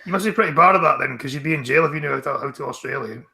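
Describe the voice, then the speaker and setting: Man, early twenties, deadpan, fast and gravelly. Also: a little high, over a noisy crowd. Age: 20s. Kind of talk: casual voice chat.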